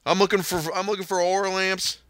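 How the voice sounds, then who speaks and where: A man's voice: high-pitched, level tone, a little fast, fairly bright tone, no room sound, voice pushed up. A man imitating a Southern male customer with a drawl, insisting on what he wants. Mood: insistent. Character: Southern man shopping for lamps.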